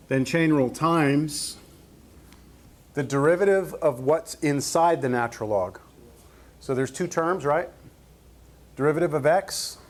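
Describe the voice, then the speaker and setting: Man teaching calculus to a class. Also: medium pitch. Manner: explains step by step, checks in with "right?". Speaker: math teacher. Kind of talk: classroom lecture.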